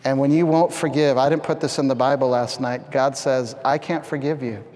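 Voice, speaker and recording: A middle-aged man from Canada preaching a storytelling sermon, animated and acting out scenes with sudden loud shouts. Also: medium pitch, normal speed. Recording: long hall reverb.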